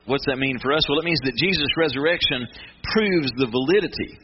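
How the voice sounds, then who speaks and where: A man preaching a sermon, emphatic, stressing his points with restarts and slow dramatic pauses. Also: a little high. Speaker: pastor. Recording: muffled with noticeable background noise.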